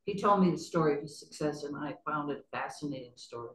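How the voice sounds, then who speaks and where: A woman's voice: low-pitched, fast talker, echoey room, poor audio. A woman chatting as an interview guest, rambling and laughing often. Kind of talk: casual interview chat.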